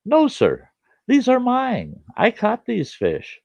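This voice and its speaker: A man voicing a polite, respectful but stubborn young boy, in a high earnest voice. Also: huge pitch swings, slow pace, vocal fry, a little mellow, no room sound, exaggerated voice. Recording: dull lo-fi dry recording.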